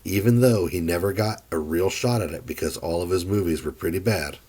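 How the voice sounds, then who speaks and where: Low husky man in his thirties. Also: brisk, warm tone. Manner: emphatic, opinionated, swears. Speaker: podcast co-host. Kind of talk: casual film discussion.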